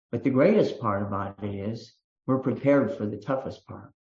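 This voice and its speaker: A man's voice: medium pitch, animated, moderate pace, hardly any pauses, darkish tone. An older man from Kentucky with a Kentucky accent, speaking as a speaker at a recovery meeting and telling a folksy personal story with restarts and fillers. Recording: dull lo-fi meeting recording.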